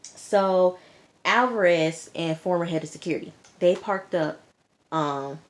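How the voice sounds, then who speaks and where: A woman vlogger recapping a TV episode in a casual, lively way, full of slang and quick asides. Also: fairly low pitch. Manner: lively retelling with slang and acted-out quotes. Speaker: TV review vlogger.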